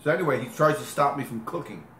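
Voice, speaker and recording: A man's voice: mid-range voice, fast, fairly bright tone, slight background noise. Rambling man in an echoey room. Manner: rambling, self-correcting, demonstrates with gestures. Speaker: interviewee. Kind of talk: casual storytelling. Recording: echoey room with faint ambience.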